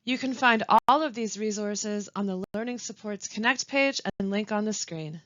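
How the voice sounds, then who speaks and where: A woman teaching a scripted webinar on pronunciation, reading example sentences slowly with deliberate stress and pauses. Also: mid-range voice, a bit bright, dry recording, muffled recording. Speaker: language support instructor.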